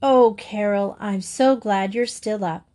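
A fretful mother at her wit's end, from a children's storybook, as a woman reads her part. Her voice is plain and middle-pitched, with a tired, exasperated edge. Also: slow pace, darkish tone, natural voice. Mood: worried. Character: worried mother of a picky-eating boy. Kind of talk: storybook read-aloud.

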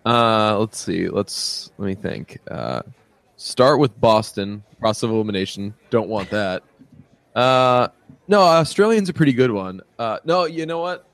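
A man's voice: on the low side, lively intonation, unhurried, dry recording. A man co-hosting a podcast, chatting casually and rambling with lots of fillers and laughs. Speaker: podcast co-host. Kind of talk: casual chat.

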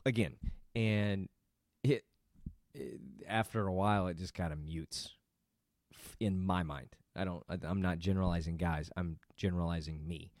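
A man's voice: low voice, steady tone, moderate pace, darkish tone, no echo, clean studio sound. A middle-aged man talking about parenting in a casual, rambling monologue full of self-interruptions and joking asides. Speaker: father vlogging about parenting.

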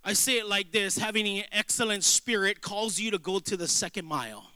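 A man preaching a sermon as a pastor, telling lively stories with humor and acted-out dialogue. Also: high-pitched, fairly quick, clear, resonant tone, dry recording. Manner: animated storytelling preacher, jokes and acted-out dialogue.

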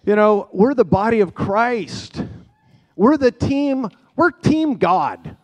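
A man's voice: sits high, very animated, takes it slowly. A man preaching in a church, speaking in an encouraging, preacherly way. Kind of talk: church sermon. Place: church sanctuary.

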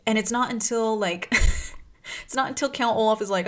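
A woman's voice: mid-range voice, steady tone, brisk. A young adult woman talking casually about a book series, rambling and heated, full of filler words. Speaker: book vlogger.

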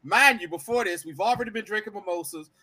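A young adult man and podcast co-host telling a story in casual chat, animated and laughing. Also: high voice, quick pace.

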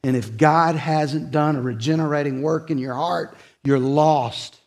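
A man preaching a sermon in a church, earnest and confessional, dropping from emphatic lines to soft, hushed ones. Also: fairly high pitch, steady tone, unhurried. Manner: earnest, confessional, swings from loud emphasis to soft near-whisper. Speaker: pastor. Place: church sanctuary.

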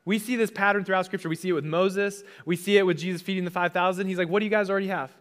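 A man's voice: high voice, fairly even intonation, racing, fairly bright tone. A young adult man, a pastor, giving a conversational sermon and casually acting out the voices he quotes.

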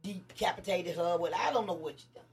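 A woman from Tennessee, a guest activist telling animated stories in casual chat, emphatic and laughing often. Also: lowish voice, a little fast, distant mic. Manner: lively, emphatic, frequent laughter and rising exclamations.

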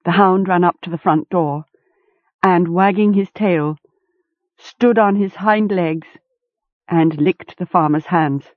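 A woman narrating a storybook in an unhurried, expressive reading. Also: fairly low pitch, no room sound. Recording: tinny phone-like, dry.

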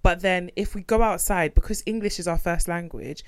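A woman podcast co-host from a second-generation Nigerian immigrant family, chatting casually about a documentary in a blunt, animated way and swearing freely. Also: lowish voice, a little fast, clear, resonant tone, no echo. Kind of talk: casual chat reviewing a documentary.

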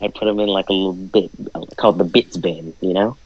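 A man's voice: sits low, fairly even intonation, brisk, crowd noise. A man chiming in on a casual podcast chat with joking interjections. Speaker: co-host chiming in. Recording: dull lo-fi recording.

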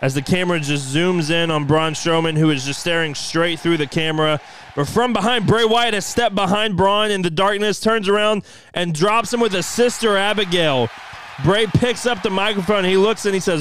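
A man's voice: high voice, moderate pace, a bit bright, slight background noise. A man narrating a wrestling show play-by-play in an eager manner, often stumbling and restarting.

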